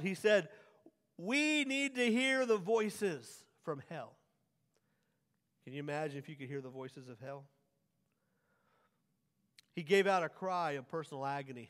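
A man preaching a sermon as pastor, swinging from hushed lines to loud, drawn-out emphasis. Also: fairly high pitch. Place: church sanctuary. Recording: long church hall reverb.

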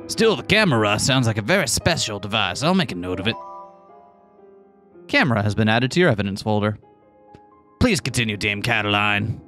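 A man's voice: on the low side, very animated, brisk, pauses often, a bit bright, faint music behind. A man voicing a pompous male falcon lawyer with an exaggerated, bad French accent in a video game playthrough. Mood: grandiose. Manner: over-the-top, theatrical.

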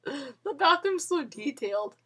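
Young gamer girl laughing thru her let's play, high and bouncy, takes her time. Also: very animated, unhurried, sharp tone. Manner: giggly and playfully bossy, laughs often.

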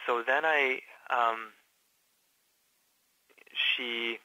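Male interview guest from Canada, hesitant and halting, bright flat delivery, dry close recording. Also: medium pitch, no room sound, poor audio. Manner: halting, many fillers and restarts. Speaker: patient guest. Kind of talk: casual interview.

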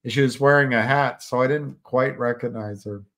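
An older man hosting a live stream chats casually, rambling and musing with frequent restarts. His mid-range voice is steady and a bit bright, at a moderate pace.

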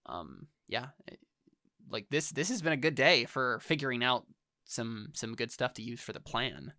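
Casting: man running a tabletop game, loose chatty delivery, bright dry voice. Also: medium pitch, expressive, moderate pace, no echo. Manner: casual, lots of fillers like "like" and "um". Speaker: game master.

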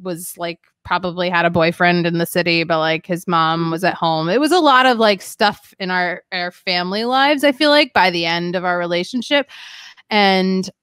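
A woman's voice: on the low side, moderate pace, a bit bright, smooth, no echo. A young woman, a podcast guest, telling her story in a rambling, candid way, full of "like" and restarts. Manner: rambling, heavy use of "like", frequent restarts.

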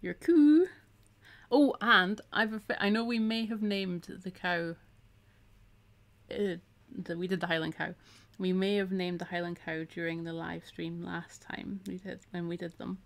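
A woman's voice: lowish voice, flat delivery, moderate pace, a bit bright. A middle-aged woman, chatting casually while she teaches a craft on a live stream and reads out viewer comments.

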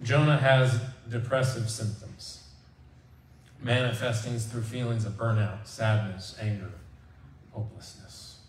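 A man preaching a conversational sermon as pastor, animated and acting out the people he quotes. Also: mid-range voice, unhurried, slight background noise. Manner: animated, acts out quoted voices. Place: church sanctuary. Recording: echoey church hall from far off.

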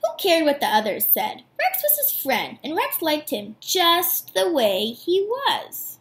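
A woman teacher reads a children's picture book aloud to her students in a warm, animated way. Her voice is high and swings widely. The recording has a noticeable room echo. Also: takes it slowly. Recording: echoey room.

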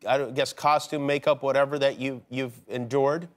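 A man's voice: medium pitch, steady tone, normal speed. A man hosting a late-night talk show, cracking dry jokes as he interviews a guest. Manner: dry, joking.

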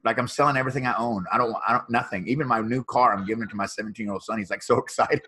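This husky-voiced man in his fifties has a bright, forceful edge to his speech. He tells stories with energy, laughs often and stumbles over repeated words as he goes. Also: medium pitch, lively intonation, very fast, hardly any pauses, rough recording. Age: 50s. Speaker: podcast guest. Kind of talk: animated storytelling.

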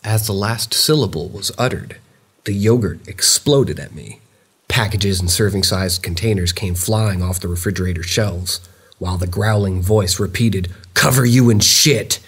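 A man reading first-person horror stories in a measured, steady storytelling delivery. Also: low-pitched, slightly rough. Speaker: narrator of viewer-submitted stories.

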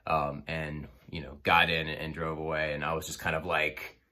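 A man's voice: rumbling low, little pitch movement, moderate pace, pushed and bright. A man casually telling a personal story, rambling with many fillers and restarts.

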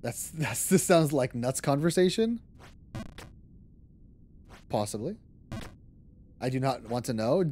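A man's voice: medium pitch, expressive, slow, pauses often, darkish tone, soft background music. A young man streaming a game, chatting casually, reading chat aloud, laughing often and swearing freely. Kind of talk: casual live-stream chat while gaming.

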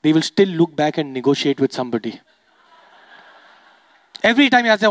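A young man with an Indian accent doing stand-up comedy, animated and teasing the audience. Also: on the high side, a little fast, pauses often, dry recording. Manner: animated, teases the audience, switches into voices.

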